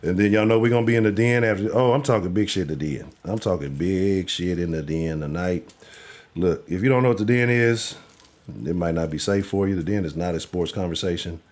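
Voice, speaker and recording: A man's voice: sits low, a little fast, a little mellow. Man, sports talk host, loose and profane, joking banter. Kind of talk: casual live sports talk.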